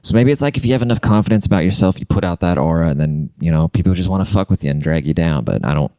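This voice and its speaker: A man's voice: low voice, racing, dark tone, clear, resonant tone, no echo, studio quality. A man hosting his own podcast, telling crude comedic stories in a rambling, casual way full of "like" fillers. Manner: rambling and crude, heavy use of "like".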